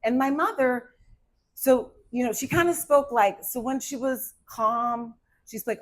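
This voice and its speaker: A woman's voice: on the high side, a little slow, low-quality recording. Hyper fifties woman doing stand-up. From Arizona, USA. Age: 50s. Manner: hyper, animated storytelling. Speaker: stand-up comedian. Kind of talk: stand-up comedy set.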